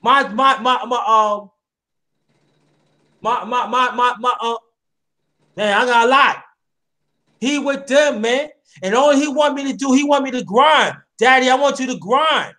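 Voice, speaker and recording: A man's voice: very high-pitched, unhurried, pauses often, bright, forceful tone. A man hosting a casual chat, talking with passion and addressing listeners directly, often repeating himself. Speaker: host.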